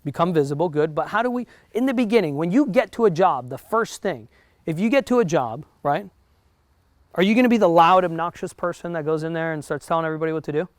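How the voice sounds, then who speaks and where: Man, New Jersey accent, motivational talk to realtors, slightly high voice, dry close sound, chatty, asks the room questions. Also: lively intonation, fast, no room sound. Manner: conversational, keeps checking in with the audience. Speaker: real estate broker teaching realtors. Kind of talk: motivational talk to a live group.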